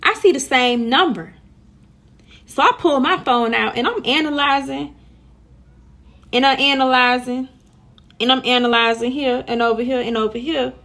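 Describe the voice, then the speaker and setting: A young woman in casual storytime chat, animated and slangy, talking straight to her viewers. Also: sits high, normal speed, pauses often.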